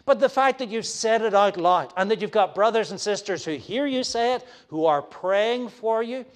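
A man preaching a sermon to his congregation, earnest and animated, now and then acting out quoted voices. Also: a little high, clear, resonant tone. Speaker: pastor.

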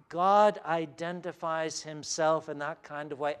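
Pastor, male, sermon delivery, slightly high and smooth voice, measured with frequent fillers. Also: steady tone, a bit bright.

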